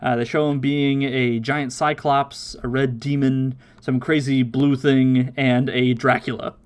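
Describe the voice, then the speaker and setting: A man hosting a podcast, casually recapping an episode with lots of laughter and quick silly voices. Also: mid-range voice, little pitch movement, clear, resonant tone. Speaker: podcast host.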